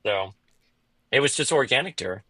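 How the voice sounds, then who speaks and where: A man co-hosting a podcast, chatting casually in an animated, jokey way with some swearing. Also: mid-range voice, normal speed, no echo. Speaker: podcast co-host.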